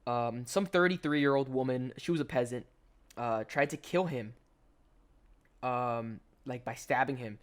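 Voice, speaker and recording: Young guy, casual storytelling commentary, slangy and rambling, mid-pitched voice. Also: unhurried. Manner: rambling, slangy, full of "like" and restarts. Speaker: gaming commentator. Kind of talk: casual storytelling over gameplay.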